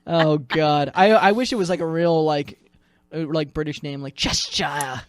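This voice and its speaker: A man's voice: on the high side, fairly even intonation, a little slow, dry recording. Male radio co-host, playful teasing chat, dry close mic. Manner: joking, teasing, lots of "like" and restarts. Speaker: radio news director, podcast co-host. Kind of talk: casual chat.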